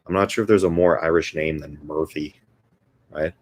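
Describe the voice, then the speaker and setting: A man's voice: extremely low pitch, steady tone, moderate pace, darkish tone. A man hosting a guitar live stream, chatting casually between songs in a rambling, self-deprecating way with lots of fillers. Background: guitar playing.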